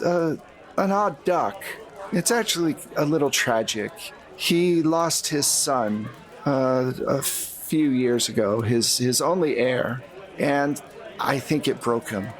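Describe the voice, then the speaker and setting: Man doing a sly older woman, 72, haggles, unhurried and measured. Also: fairly high pitch. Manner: wry, world-weary, haggling. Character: shrewd older woman, seventy-two.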